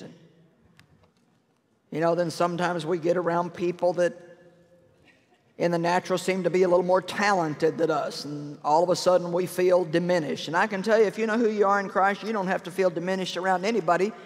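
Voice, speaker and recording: A woman preacher giving a sermon in an animated, humorous and emphatic way in a large church. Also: lowish voice, in a large hall.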